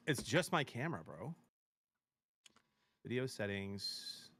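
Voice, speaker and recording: A man hosts a casual sports show over a live stream and talks eagerly and slangily about bets and games. His voice sits at a middle pitch and sounds dry and close, with almost no room sound. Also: slightly rough, no room sound. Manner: chatty, excitable, slangy banter about bets.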